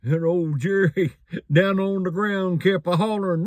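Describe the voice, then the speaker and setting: A man preaching a folksy sermon, chuckling through his stories. His slow voice sits a little high and swings widely in pitch. The sound is close and dry. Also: steady tone, no echo.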